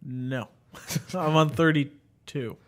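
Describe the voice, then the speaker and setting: A man's voice: a little high, very slow, fairly bright tone. A young man co-hosting a casual podcast chat, making dry, brief remarks. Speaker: podcast co-host.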